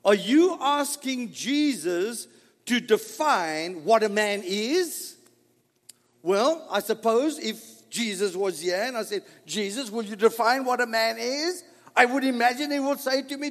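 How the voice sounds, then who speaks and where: A man's voice: very high-pitched, expressive, a little slow, in a large hall. A man preaching a sermon, dramatic, full of rhetorical questions and acted-out dialogue. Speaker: pastor.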